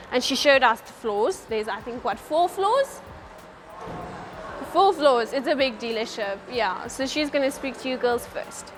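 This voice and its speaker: A woman giving a motivational talk to schoolgirls at a car dealership, lively and coaxing, often asking her audience questions. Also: a little high, background noise. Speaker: motivational speaker at a workshop.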